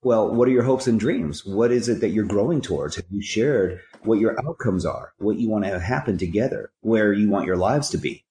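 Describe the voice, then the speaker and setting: A man's voice: on the low side, lively intonation, fairly quick, hardly any pauses, warm tone, echoey room, slight background noise. A man speaking as a podcast guest, telling stories and giving earnest, preachy life advice with rhyming catchphrases. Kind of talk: conversational storytelling and life advice.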